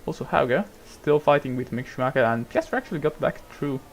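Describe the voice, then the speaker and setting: In a laid-back let's-play of a racing management game, the man's mid-range voice runs fast with lively intonation. He swears heavily, rambles, and shouts at the drivers, with slight noise in the background.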